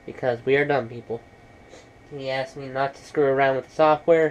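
A man's voice: medium pitch, steady tone, moderate pace, slight background noise, rough recording. A man casually talking through a laptop repair in a how-to vlog, rambling and matter-of-fact. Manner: rambling, many fillers and restarts. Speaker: computer repair vlogger.

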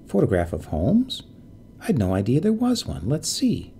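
Gentle young woman in a storybook, earnest and fond, lively lilt; a gravelly male narrator reads her. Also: mid-range voice, moderate pace, slight background noise. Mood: polite.

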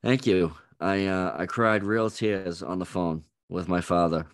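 A man with a very low voice co-hosts a podcast in loose, casual chat. He swears freely and tells stories in an animated way. The recording is dry and close. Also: unhurried, dry recording. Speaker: podcast co-host.

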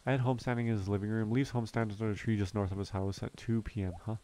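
A man hosting a relaxed let's play, thinking aloud and correcting himself as he plays. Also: lowish voice, fast talker. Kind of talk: relaxed gameplay commentary. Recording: faint game music behind.

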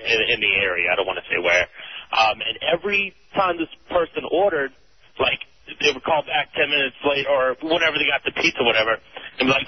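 A man's voice: medium pitch, animated, fast talker. Casual male caller on a hissy line. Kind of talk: phone-in confession. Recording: muffled phone line with faint hiss.

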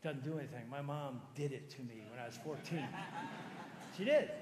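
A man in his fifties, a pastor preaching a sermon in a conversational, animated storytelling manner. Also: mid-range voice, normal speed, noisy background. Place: large church auditorium. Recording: echoey church hall with long reverb.

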